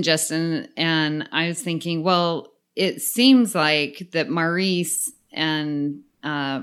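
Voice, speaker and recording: A woman with a lowish, smooth and clear voice who talks slowly and unhurriedly on a podcast. She sounds amused and chatty as she leads the conversation. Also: a bit bright. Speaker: podcast co-host. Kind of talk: casual discussion.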